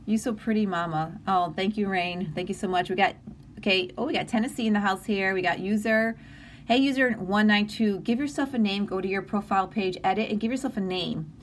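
A woman's voice: medium pitch, fairly quick, a little hiss or hum. A middle-aged woman hosting a live stream, talking in an earnest, emotional, encouraging way, with many restarts, and reading out viewer comments. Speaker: livestream host.

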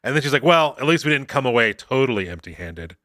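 Animated man recapping an episode. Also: medium pitch, no room sound, clean studio sound. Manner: animated, acts out characters' lines in quick retelling. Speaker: podcast co-host. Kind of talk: casual recap chat.

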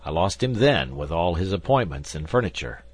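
Wry, unbothered musketeer, low and husky, as a male reader plays him. Audiobook reading. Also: moderate pace, dry recording, full character voice. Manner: calm, drawling and wry. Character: coolly indifferent older male musketeer, wry gambler.

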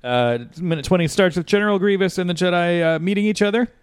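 A man's voice: high-pitched, lively intonation, quick pace, clean tone, dry recording, clean studio sound. A man hosting a podcast, chatting casually with frequent fillers and restarts. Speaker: podcast host.

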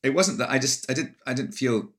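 A man's voice: mid-range voice, lively intonation, quick pace, fairly bright tone. A middle-aged Scottish man, an actor, reflecting in a casual interview with many restarts.

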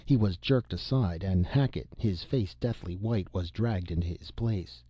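Man, audiobook narration, very low voice, dry close sound, muffled. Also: measured pace, slightly rough, no echo.

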